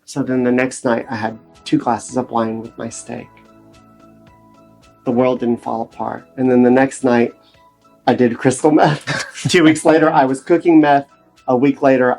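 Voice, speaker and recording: A man speaking as a guest on a recovery podcast, sharing his experience in an earnest, animated storytelling manner. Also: mid-range voice, creaky. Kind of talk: casual podcast interview.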